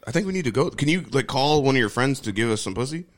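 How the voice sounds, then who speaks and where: A man co-hosting a video chat stream, teasing strangers in crude, loud joking banter over a headset. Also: animated, quick pace. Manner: loud, teasing, swings his pitch widely.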